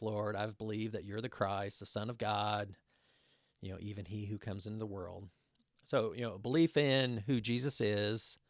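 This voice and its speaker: A man teaching a casual Bible study, reading scripture aloud and explaining it in a relaxed way with many fillers and restarts. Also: lowish voice, no room sound, studio quality. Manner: reads scripture passages aloud.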